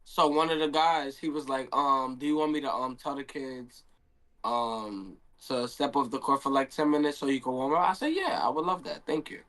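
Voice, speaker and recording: A man's voice: mid-range voice, expressive, moderate pace, fairly bright tone. A young man, a handball player, telling a story in a casual stream Q&A and acting out his own quotes.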